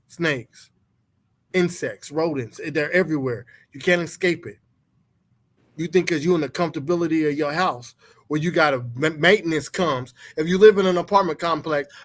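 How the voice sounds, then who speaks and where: High-voiced animated man telling stories. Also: moderate pace. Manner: animated storytelling, mimics others in high voice; profane, blunt. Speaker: podcast co-host. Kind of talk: casual chat.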